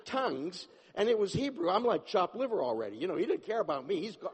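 A man giving a personal testimony, animated and acting out the dialogue, often restarting his sentences. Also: high-pitched, quick pace, hardly any pauses. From Jewish upbringing, not a place. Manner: animated, acts out dialogue, self-interrupting. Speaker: testimony speaker. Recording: long hall reverb.

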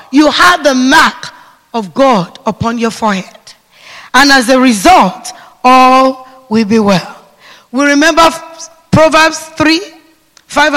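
A man preaching a sermon to a seated congregation, calling for responses and swinging between hushed whispers and shouts. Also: extremely high pitch. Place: church hall with seated congregation. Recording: long reverb of a large hall.

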